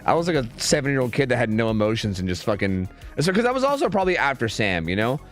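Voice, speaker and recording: Talking quickly with big swings in pitch around a medium range, a man who streams and casts games rambles casually to his viewers. He swears a lot and leans on fillers, with faint music playing behind him.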